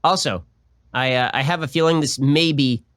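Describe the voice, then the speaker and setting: A man giving sardonic, rapid-fire reaction commentary on video clips. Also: a little high, a bit bright, no room sound, clean studio sound. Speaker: political commentator.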